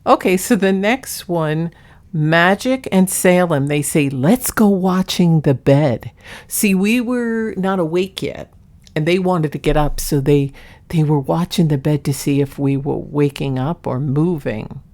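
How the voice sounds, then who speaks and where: An earnest woman talks through her vlog in a relaxed, chatty way, laughing softly now and then. Her voice sits a little on the low side. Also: unhurried. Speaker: paranormal vlogger. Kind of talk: casual narration introducing clips.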